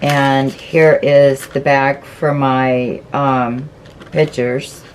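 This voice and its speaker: A woman's voice: extremely low pitch, level tone, extremely slow, a little hiss or hum, poor audio. A woman hosting a casual craft flip-through, chatty and gushing as she explains each step. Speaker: craft channel host.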